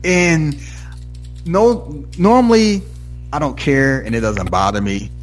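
A man's voice: medium pitch, normal speed, faint music behind. A man casually recapping a TV episode with a co-host, acting out characters' lines as he goes. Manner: animated, acts out characters' lines mid-story. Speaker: podcast co-host.

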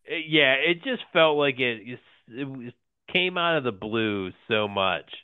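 A man co-hosting a casual podcast, talking haltingly with lots of fillers and frequent laughs. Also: mid-range voice, animated, smooth, no echo. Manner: halting, many fillers and restarts, laughs often. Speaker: podcast co-host. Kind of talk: casual wrestling podcast chat. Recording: tinny phone-like line, dry.

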